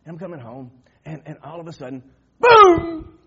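Preacher with a husky voice. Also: male voice, fast, muffled recording. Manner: storytelling, swinging from low murmurs to loud shouted outbursts. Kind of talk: sermon.

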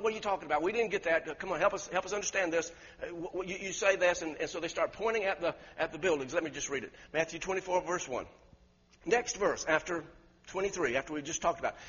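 Male preacher, husky and high-pitched, emphatic sermon delivery, lo-fi recording with long hall reverb. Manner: emphatic, questions the congregation, rises to loud peaks.

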